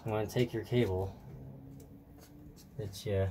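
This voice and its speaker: Working at a bench, a tired man demonstrates building a model truck in a casual, hands-on way, rambling, trailing off and talking to himself. His voice sits on the low side and runs a little slow, with clear, steady noise behind it.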